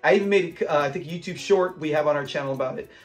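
A young man hosts a casual episode breakdown, talking in a fairly high voice. He retells scenes with real enthusiasm and laughs along. Faint music sits underneath. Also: rapid-fire. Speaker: host of a classic TV episode breakdown channel.

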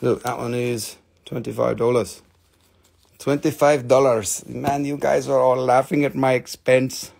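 Gravelly, joking man selling crystals live. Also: mid-range voice, flat delivery, measured pace, a little mellow. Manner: chatty, joking, self-mocking, rambling. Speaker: live stream crystal seller. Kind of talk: casual live sales stream banter.

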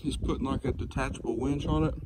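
Heavy background noise surrounds a man talking fast in a mid-range voice about his truck hitch outside. His casual, rambling review is full of "um"s and "y'all"s.

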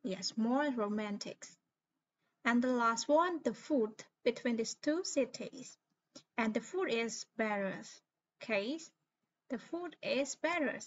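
Khmer-accented woman teacher, fairly high voice, patient step-by-step grammar explainer, muffled lo-fi recording. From Cambodia. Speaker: English teacher.

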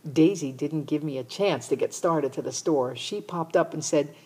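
Breathy woman reading a storybook. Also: low-pitched, moderate pace, few pauses, mellow. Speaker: audiobook reader. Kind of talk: storybook narration.

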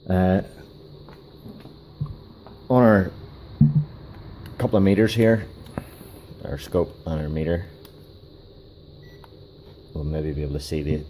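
Super deep-voiced guy doing a diy demo at his bench, stops and restarts a lot, hiss in the background. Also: level tone, warm tone, poor audio. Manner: halting, with many fillers and restarts. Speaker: DIY car repair video host. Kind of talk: casual hands-on demonstration.

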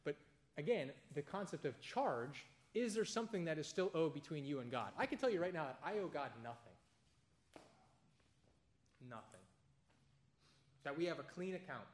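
A man teaching a casual Bible study, conversational and animated, telling everyday anecdotes between points. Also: fairly high pitch, normal speed, long pauses.

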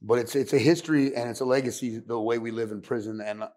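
A man from California, a podcast guest, telling his story candidly in a soft-spoken, profane, reflective way. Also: medium pitch, fairly even intonation, quick pace. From San Fernando Valley, California.

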